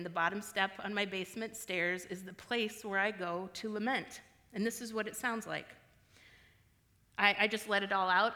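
Woman, church speaker, candid personal sermon, self-deprecating, crisp bright tone. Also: medium pitch, big-room sound. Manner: frank, conversational, self-deprecating.

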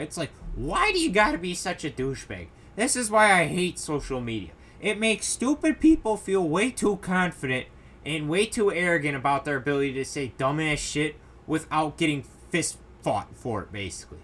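A man's voice: on the high side, sing-song, moderate pace, a bit bright. A young man hosting a solo podcast, ranting in an exasperated way, swearing and mocking the people he quotes. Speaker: podcast host.

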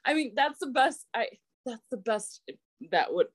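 A woman's voice: high-pitched, animated, unhurried, breathy edge. A woman in her thirties, a wedding photographer being interviewed, talking animatedly and laughing often. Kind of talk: casual conversational interview.

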